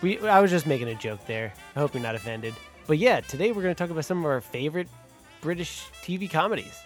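A man's voice: a little high, expressive, fast talker, soft background music. A man hosting a podcast, welcoming listeners in casual chat with a jokey, upbeat manner. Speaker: podcast host.

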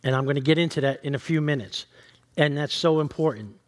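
A man's voice: fairly high pitch, fast talker. A male pastor preaching a sermon, reading scripture and teaching in an earnest, direct way.

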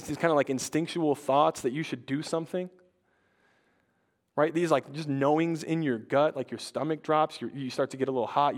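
A young man preaching a conversational sermon, casual and chatty, often restarting his sentences and saying "like". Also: on the high side. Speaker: pastor.

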